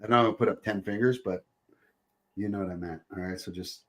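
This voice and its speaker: A man's voice: low voice, fairly quick, a bit bright. Jokey, rambling male podcast host. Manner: jokey, laughs often, rambling. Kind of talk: casual chat.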